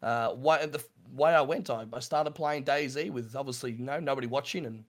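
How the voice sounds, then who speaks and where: A middle-aged Australian man telling his story in an interview, halting and repeating himself, with nervous laughs. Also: mid-range voice. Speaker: streamer guest.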